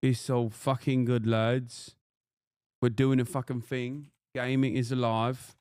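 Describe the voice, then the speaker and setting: A man's voice: mid-range voice, little pitch movement, slow pace, darkish tone, smooth, no echo, clean studio sound. A man in his thirties streaming a game live, chatting casually in a profane, joking way and slipping into a mock "lad" voice. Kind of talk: casual live-stream chat while gaming.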